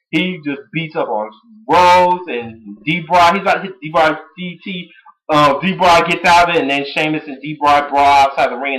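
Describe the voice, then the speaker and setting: A man giving a casual recap of a wrestling show as an excitable fan, chatty and full of fillers. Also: a little high, low-quality recording. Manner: excitable, bursts into shouting and laughter, chatty with fillers.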